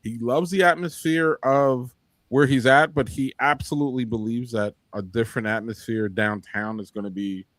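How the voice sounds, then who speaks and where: A man talks casually as a podcast co-host, his voice recorded close and dry at a middle pitch. He speaks in a chatty, halting way, pausing on fillers as he goes. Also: fairly even intonation, a bit bright, no room sound. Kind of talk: casual chat.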